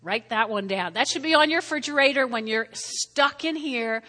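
Woman pastor, high-pitched and bright, conversational sermon with frequent "all right?" check-ins, long reverb. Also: lively intonation, normal speed, few pauses. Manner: repeats key phrases for emphasis. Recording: long reverb of a large hall.

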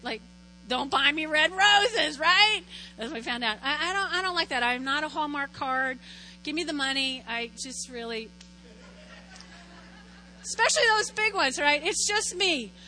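A middle-aged woman pastor preaching in a lively, conversational way, telling stories and constantly checking in with her listeners. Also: sits high, normal speed, a little hiss or hum, rough recording. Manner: animated, storytelling, keeps checking in with "right?". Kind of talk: conversational sermon.

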